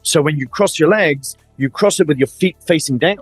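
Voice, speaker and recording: Speaking in a slightly high, husky voice at a moderate pace, this middle-aged Middle Eastern guest, a family office advisor with a matching accent, tells animated stories in a fireside chat. He acts out quotes and repeats words often; there's no echo, just faint music behind.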